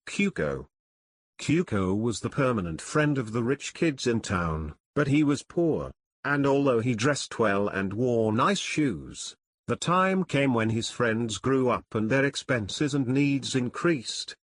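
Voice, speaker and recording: A man reading a first-person memoir as an audiobook, telling it in an unhurried, nostalgic way. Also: medium pitch, animated, no echo. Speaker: audiobook narrator.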